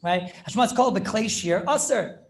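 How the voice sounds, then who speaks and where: A man teaching an informal class, talking fast and repeating himself and quizzing his students. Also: high-pitched, animated, slight background noise. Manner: rapid, repetitive, asks the class questions.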